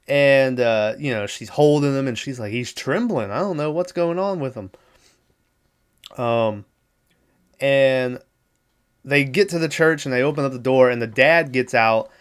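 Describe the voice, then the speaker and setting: A man's voice: medium pitch, fairly bright tone, clear, resonant tone. A man hosting a podcast, rambling through a movie plot in a loose, profane way and acting out the characters' lines. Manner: profane, rambling storytelling with quoted voices. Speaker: podcast host. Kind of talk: casual solo movie recap.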